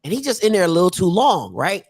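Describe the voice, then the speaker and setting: A man hosting a relaxed talk show, spinning family anecdotes. His voice sits a little high and jumps around wildly in pitch as he acts out each character, and he breaks into laughter often. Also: fast talker, husky. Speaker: podcast host. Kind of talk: casual storytelling.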